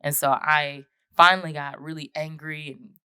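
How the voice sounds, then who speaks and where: A woman's voice: low-pitched, fairly even intonation, normal speed, sharp tone, clean tone. A woman from the United States, a podcast guest, telling her personal story in an earnest way and acting out past conversations. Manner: earnest, reenacts past conversations in quoted voices.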